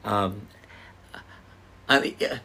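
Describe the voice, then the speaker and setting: A man's voice: fairly low pitch, drawn-out words, creaky. Older man telling personal stories. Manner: earnest, animated retelling of encounters. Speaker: speaker sharing personal stories. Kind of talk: casual personal storytelling.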